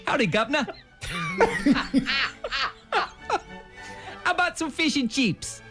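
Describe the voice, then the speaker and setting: Man doing a bumbling fake British accent, halting delivery, very lively pitch, faint music behind. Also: heavily acted. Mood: goofy. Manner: halting, filler-heavy, laughing at himself. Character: clumsy fake British bloke, hopping between accents.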